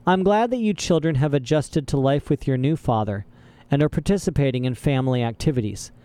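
A man's voice: medium pitch, animated, brisk, warm tone, smooth, no room sound, lightly acted. A man voicing a cheerful, oblivious middle-aged banker in an audiobook, talking in a hearty, formal way.

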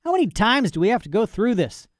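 A man voicing a gruff, impatient rancher who scolds his dog in an audiobook. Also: high-pitched, very animated, quick pace, no room sound, clean studio sound, voice pushed up. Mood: exasperated. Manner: scolding, weary. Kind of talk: audiobook character voice.

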